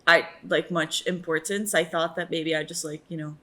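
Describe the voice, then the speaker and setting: A young woman hosting a reaction video, chatting casually and gushing excitedly at the screen. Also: low-pitched, moderate pace.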